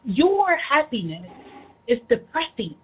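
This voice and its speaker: Brief: high-pitched, husky woman, animated teasing banter, dull lo-fi sound. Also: takes it slowly. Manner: animated, teasing, laughs often. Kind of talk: casual teasing chat.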